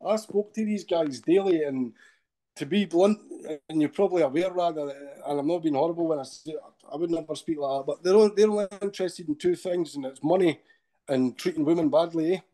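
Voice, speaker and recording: Talking a little fast, this middle-aged Scotsman wanders from one point to the next while telling his story as a podcast guest. He has a dark, mellow voice that sits slightly high for a man, and he frequently adds a tag-question "eh?".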